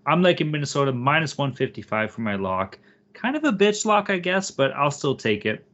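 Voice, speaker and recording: A man's voice: a little high, sing-song, brisk, a bit bright, highs cut off. A man co-hosting a sports betting podcast, casual, profane and hyped as he talks. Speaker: podcast co-host.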